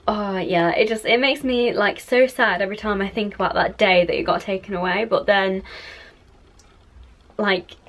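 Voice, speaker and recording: A young woman vlogging a casual recap, talking in a rambling, chatty way full of fillers. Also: mid-range voice. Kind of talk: casual monthly recap vlog.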